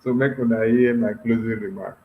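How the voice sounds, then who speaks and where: A man's voice: medium pitch, steady tone, a little fast, narrow, tinny audio. A man giving a formal, saluting closing remark with some amusement. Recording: roomy echo.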